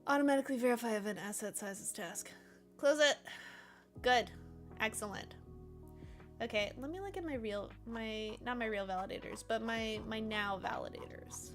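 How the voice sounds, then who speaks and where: A woman's voice: a little high, moderate pace, faint music behind. A woman streaming her coding work, chatting casually, reading chat aloud and talking to her cats. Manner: animated, bursts of excitement.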